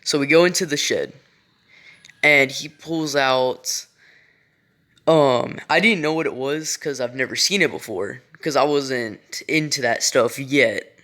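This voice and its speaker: A man's voice: medium pitch, measured pace, bright, forceful tone. A young man telling a story in a casual, rambling way, swearing often and stopping to restart his sentences. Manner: rambling, profane, full of fillers and restarts. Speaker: vlogger.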